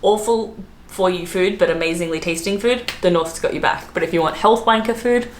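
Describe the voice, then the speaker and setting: A hungover Australian woman chatting casually to camera as a travel vlogger, full of fillers and quick laughs. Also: on the low side. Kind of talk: casual vlog chat. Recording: roomy echo, faint background noise.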